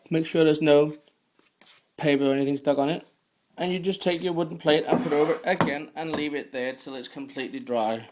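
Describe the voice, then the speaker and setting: A man with a slightly higher voice talks in a relaxed, chatty way. He explains a hands-on craft step by step and drifts into easygoing talk about his day. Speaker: fingerboard vlogger. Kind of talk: casual tutorial and daily vlog chat.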